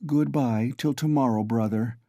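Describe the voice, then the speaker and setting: A man voicing a composed, proud young woman who speaks gently and holds herself back. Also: medium pitch, normal speed, gravelly, no room sound, studio quality. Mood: restrained. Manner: gentle, restrained.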